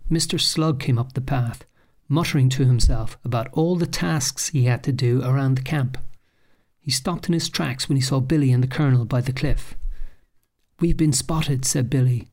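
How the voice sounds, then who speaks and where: A young man narrating a children's story in a steady, expressive reading voice. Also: mid-range voice.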